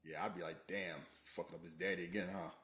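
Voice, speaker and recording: A man's voice: low voice, fairly even intonation, quick pace, fairly bright tone, husky. A man co-hosting a casual podcast, joking through a film and acting out its lines in put-on voices. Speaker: podcast co-host. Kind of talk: casual movie commentary chat.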